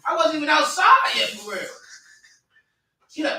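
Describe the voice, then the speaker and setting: A man chatting casually and telling an animated story, acting out voices with bursts of shouting. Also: very high-pitched, normal speed. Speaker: podcast co-host. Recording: echoey room, mic at a distance.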